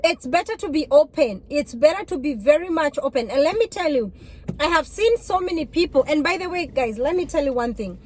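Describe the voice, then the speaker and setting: A woman from Africa chatting casually to her viewers while driving, telling stories in an animated way and laughing often. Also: high voice, brisk, rough recording. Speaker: vlogger. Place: inside a car, driving. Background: faint road and car noise.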